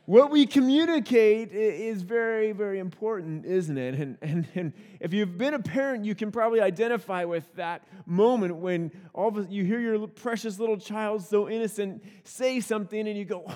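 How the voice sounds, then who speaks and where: A man preaching in a relaxed, folksy way, telling stories with lots of restarts and repeated words. His voice sits a little high for a man. It rings out with the long reverb of a church hall. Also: moderate pace, hardly any pauses. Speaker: pastor. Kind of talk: conversational sermon with personal stories.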